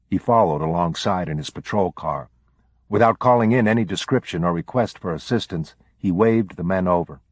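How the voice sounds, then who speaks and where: A man hosting a podcast, reading a book aloud in a steady, measured way. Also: deep voice, husky, dry recording. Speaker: podcast host.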